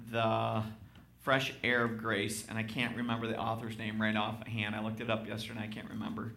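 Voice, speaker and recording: Forceful, emphatic preaching man. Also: lowish voice, completely flat delivery, normal speed. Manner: emphatic, addresses congregation directly. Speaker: pastor. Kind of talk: sermon with scripture reading.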